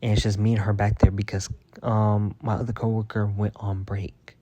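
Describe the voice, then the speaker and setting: A man's voice: fairly low pitch, flat delivery, normal speed, dark tone, highs cut off. A man telling a workplace story in a casual, heated rant, swearing constantly and sounding fed up. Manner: profane, heated and exasperated. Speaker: vlogger.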